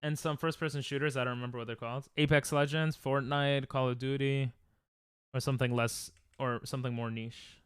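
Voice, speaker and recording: A man's voice: mid-range voice, steady tone, a little fast, clean tone, dry recording. A young man chatting casually on a live stream while gaming, joking, laughing often and reading chat aloud from a close desk mic at home.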